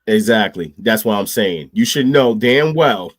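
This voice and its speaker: A man's voice: fairly low pitch, animated, a little slow, no room sound, studio quality. A man hosting a podcast in casual chat, with a sick, wheezy voice and a slangy, laid-back way of talking. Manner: laid-back, slangy, lots of "you know what I'm saying". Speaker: podcast host.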